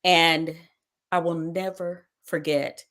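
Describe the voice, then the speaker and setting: A woman hosting a talk show recounts her own ordeal as a personal testimony, with a somewhat low voice. She tells it dramatically and acts out the lines people said to her. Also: steady tone, takes it slowly, fairly bright tone. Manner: dramatic retelling with quoted dialogue.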